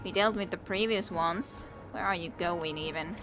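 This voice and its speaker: Gal streaming a game, kinda low voice, slow and giggly, game music going behind. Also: female voice. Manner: chatty, giggly, talks to the enemies she fights. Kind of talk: casual let's-play commentary. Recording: game music playing under the voice. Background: video game music.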